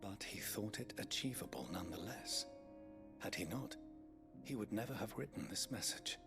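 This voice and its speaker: An actor playing a loyal, courtly scholar-aide in a video game, speaking with formal deference. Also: male voice, fairly low pitch, animated, moderate pace, creaky. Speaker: game character. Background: game music.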